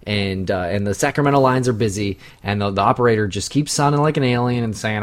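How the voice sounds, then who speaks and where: A man's voice: on the low side, fast, hardly any pauses. A man hosting a casual movie-watching podcast, joking in a mock-panicked way. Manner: jokey, mock-panicked, animated. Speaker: podcast host. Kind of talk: casual movie commentary chat.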